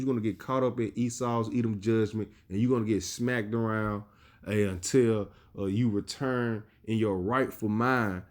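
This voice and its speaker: A male preacher giving a sermon, reading scripture slowly and with emphasis, and often adding "you see". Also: mid-range voice, a little mellow.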